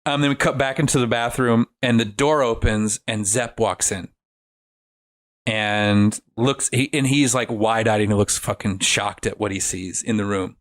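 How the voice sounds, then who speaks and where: Animated man recapping a film. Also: fairly low pitch, moderate pace. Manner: animated storytelling with frequent swearing. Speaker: guest. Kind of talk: casual podcast film recap.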